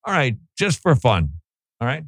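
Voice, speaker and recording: A man's voice: medium pitch, wildly swooping pitch, moderate pace, vocal fry, no room sound. A man hosting a Christian radio show, bantering with jokes and then giving earnest pastoral advice to a caller. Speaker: radio host. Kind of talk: casual radio talk and advice.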